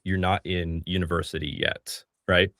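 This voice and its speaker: Deep-voiced, methodical male co-host. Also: little pitch movement, a bit bright, no room sound, studio quality. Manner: measured, methodical, defines terms first.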